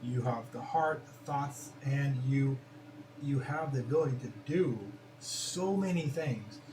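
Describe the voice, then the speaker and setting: An earnest man hosting a casual talk, thoughtful and often restarting his sentences. He sits away from the mic in a roomy space, and clear background noise runs under his voice. His pitch is in the middle of the male range. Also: measured pace, recorded from a distance. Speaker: host. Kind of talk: casual podcast conversation.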